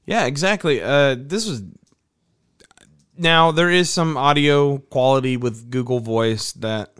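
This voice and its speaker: A man's voice: medium pitch, takes it slowly, fairly bright tone, clear, resonant tone. Man, podcast host, resonant voice, rambling, casual chat. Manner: rambling, restarts and laughs easily.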